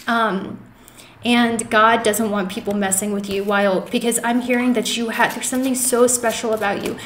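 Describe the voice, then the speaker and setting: A woman's voice: on the high side, level tone, moderate pace, fairly bright tone, roomy sound, a little hiss or hum. A woman giving a pick-a-card tarot reading, speaking earnestly and emotionally to her viewers and reassuring them often. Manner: many fillers and restarts, addresses viewers as guys. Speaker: tarot reader.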